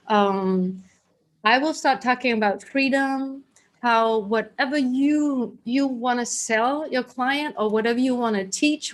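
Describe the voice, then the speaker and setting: Chatty, guiding woman teaching a class. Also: on the high side. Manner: chatty and guiding, with frequent restarts. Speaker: workshop teacher. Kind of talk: teaching a live group class.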